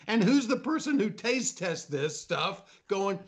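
An older man in casual chat, telling animated anecdotes and acting out the people in them. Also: fairly high pitch, moderate pace, few pauses. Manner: animated anecdote teller, acts out quoted voices. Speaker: panel guest.

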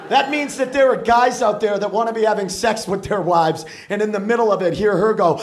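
A man's voice: high-pitched, brisk, hardly any pauses. A man doing a stand-up set in a comedy club, ranting in disbelief. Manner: ranting, incredulous. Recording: laughing crowd in a club.

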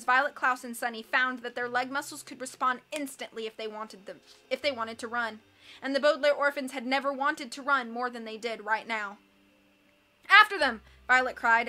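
Bright, high-voiced woman reading aloud. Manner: expressive, animated, acts out characters. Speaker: reader.

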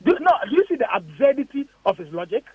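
A man's voice: very high-pitched, big pitch swings, fast talker, breathy edge, dry recording. A man with a Ghanaian accent, a politician on a radio interview, firing off emphatic, indignant rhetorical questions. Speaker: politician guest. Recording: dull lo-fi radio audio.

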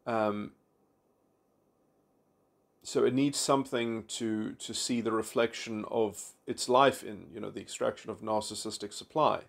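A man's voice: on the low side, fairly even intonation, gravelly. A man giving an unscripted philosophical monologue, reflective and abstract, with frequent restarts, repeated words and fillers. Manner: halting, many restarts and fillers. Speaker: philosophy commentator.

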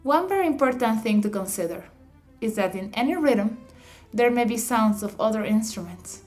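A woman's voice: on the high side, lively intonation, darkish tone. Woman reading a music lesson over faint music. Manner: measured, explanatory reading with slightly awkward phrasing. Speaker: narrator of an instructional audiobook. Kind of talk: scripted instructional narration.

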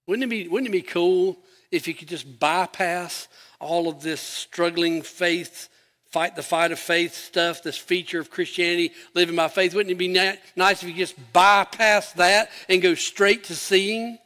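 Male pastor mid-sermon, lively scripture delivery, bright and ringing tone. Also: high-pitched, a little slow, long reverb tail. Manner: animated preaching, acting out Bible quotes with rising, emphatic voice.

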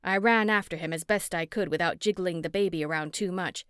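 Brief: woman narrator, lower pitch, expressive, dry close-miked studio read. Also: brisk, smooth, no room sound. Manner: lively, expressive dialogue. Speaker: audiobook narrator. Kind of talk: first-person audiobook narration.

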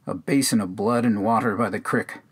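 A man's voice: lowish voice, fairly even intonation, brisk, husky. A man reading a poem aloud, voicing an angry, bewildered old man who lives alone in a cabin and speaks with a quavering, sing-song pride. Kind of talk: poetry reading.

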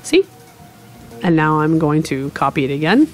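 A woman's voice: low-pitched, big pitch swings, moderate pace, long pauses. Woman, from Canada, tutorial host, casual, chatty, step-by-step asides, faint background music. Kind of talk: casual screen-recorded game tutorial.

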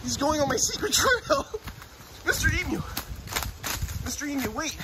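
Breathless excited man outdoors. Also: extremely high pitch, measured pace, very noisy. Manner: excited, breathless, repeating himself while chasing an animal. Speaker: vlogger. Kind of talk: handheld outdoor vlog. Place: outdoors, open rural field.

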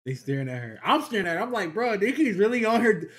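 A man reacting casually to a video clip, talking in loose slang and thinking out loud. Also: high-pitched, big pitch swings, fast talker. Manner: loose slangy banter, talks to himself.

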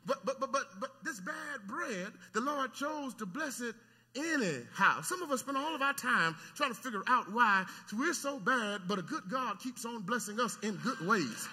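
High bright preaching man in a reverberant church. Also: expressive, moderate pace, breathy edge. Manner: swings between soft teaching and loud shouted preaching; stammering repetitions, call-and-response with the congregation. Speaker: pastor. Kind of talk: sermon. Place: church sanctuary. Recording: long church hall reverb.

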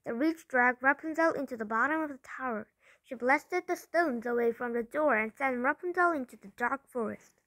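A woman's voice: high voice, moderate pace, a bit bright, no room sound, poor audio. A woman reading a fairy tale aloud in English, carefully, with small slips and restarts. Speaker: storyteller. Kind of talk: storybook read-aloud.

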